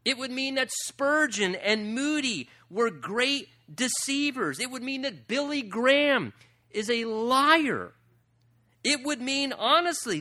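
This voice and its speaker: A male pastor preaching a sermon, emphatic and full of rhetorical questions, swinging between loud and soft passages. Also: very high-pitched, expressive, unhurried.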